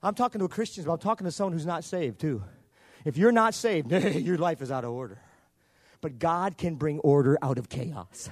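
A male pastor preaching a sermon in an emphatic, repetitive way that builds up to shouting. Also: fairly high pitch, sing-song, moderate pace, no echo.

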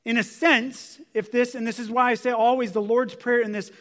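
A man's voice: very high-pitched, flat delivery, moderate pace, fairly bright tone. A man preaching a sermon in a conversational, explanatory way, with asides and restarts as he walks through scripture. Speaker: pastor.

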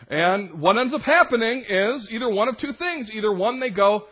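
A man's voice: high voice, expressive, moderate pace, hardly any pauses, slightly rough, muffled recording. A young adult male minister preaching a sermon in a conversational way, acting out quoted voices and adding asides.

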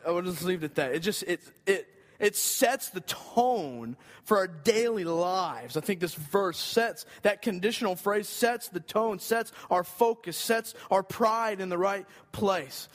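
A man's voice: high-pitched, expressive, measured pace. A man preaching a sermon in an earnest, conversational way, rising for emphasis. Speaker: pastor.

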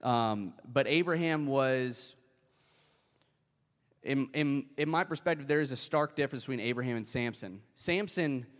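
A man preaching a sermon in a conversational way, often jumping up in pitch as he acts out quoted voices. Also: moderate pace. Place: church hall. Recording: long hall reverb.

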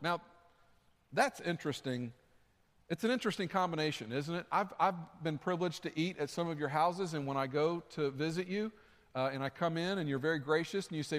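A man's voice: fairly high pitch, fairly quick. A man preaching a sermon in a conversational way, repeating his key points for emphasis. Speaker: pastor. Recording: long hall reverb.

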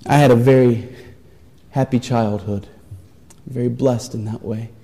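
A man preaching a sermon, telling a story with earnest, pleading warmth. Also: medium pitch, fairly even intonation, a little slow. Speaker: pastor. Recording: long reverb of a large hall.

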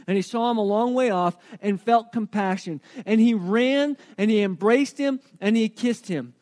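A man preaching a sermon, retelling a story with animated energy and frequent rhetorical questions. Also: sits high, normal speed.

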